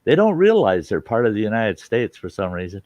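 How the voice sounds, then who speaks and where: A man with a northern US accent hosts the chat in a lowish, unhurried voice. He talks in long, meandering stretches. The sound is a bit dull, like an online call. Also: no room sound. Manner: rambling, relaxed storyteller. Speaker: host. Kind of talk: casual group chat.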